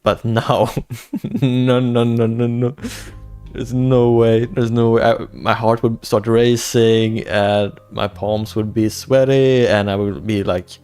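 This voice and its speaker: A man's voice: mid-range voice, flat delivery, slow pace, a little mellow, clean tone. A young man, hosting a casual livestream and reading chat aloud, rambling with repeated words and restarts. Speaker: livestream host. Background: faint background music.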